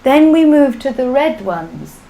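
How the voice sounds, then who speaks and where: A woman's voice: high-pitched, sing-song, measured pace, warm tone, rough recording. A woman teaching a live online language class, drilling sounds patiently for students to repeat. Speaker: Sanskrit teacher.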